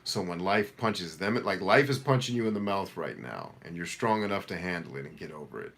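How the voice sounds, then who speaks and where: This middle-aged life coach, whose deep, low voice has some vocal fry, talks fairly quickly during a casual live Q&A. He reads viewer comments aloud and answers them directly, energetically and motivationally.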